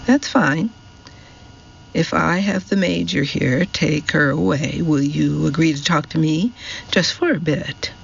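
A man's voice: a little high, a little slow, creaky, lo-fi sound, slight background noise. A man voicing a friendly, easygoing male negotiator who talks people round. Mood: coaxing. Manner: easygoing, persuasive.

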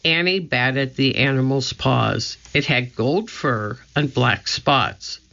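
A narrator reading a children's chapter book aloud in a steady, clear storytelling manner. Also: medium pitch, slow pace, lo-fi sound. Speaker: audiobook narrator.

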